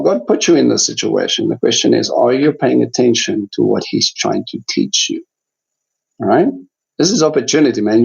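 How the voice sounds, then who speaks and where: A man's voice: mid-range voice, vocal fry, a little mellow. Man teaching Bible study over dull audio. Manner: chatty, many fillers and restarts.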